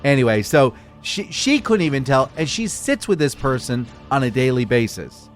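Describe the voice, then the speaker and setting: In a casual news roundup chat, a middle-aged podcast co-host with a medium-pitched voice speaks at normal speed, animated and jokey, sometimes putting on mock voices. Faint music plays behind him.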